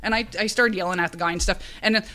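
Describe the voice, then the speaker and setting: A woman on a casual panel chat, telling stories with animated delivery, acting out what people said and laughing often. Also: mid-range voice, very fast. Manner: animated storyteller, acts out quoted lines, laughs often. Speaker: podcast panelist and conference speaker.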